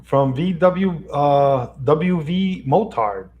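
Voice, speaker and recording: Speaking very slowly, a man with an expressive, slightly high voice rambles on a casual livestream, chuckling often. The sound is lo-fi, coming from an XLR microphone on a box in a lamp-lit room at home.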